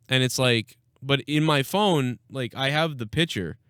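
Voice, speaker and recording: A man's voice: medium pitch, moderate pace, hardly any pauses, fairly bright tone, clear, resonant tone, no room sound, studio quality. A man hosting a live podcast stream, ranting casually and with lots of swearing, acting out people he quotes with a raised voice. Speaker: podcast host.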